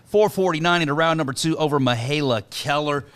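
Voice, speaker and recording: A man hosting a podcast in casual chat, easygoing and quick to laugh. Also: a little high, a bit bright. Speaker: podcast host.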